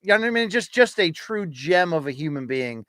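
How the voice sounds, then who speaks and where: A man's voice: a little high, very animated, fairly quick, fairly bright tone, dry recording. Playful man, dry close sound. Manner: laughing, playful banter. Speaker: podcast co-host. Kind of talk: casual chat.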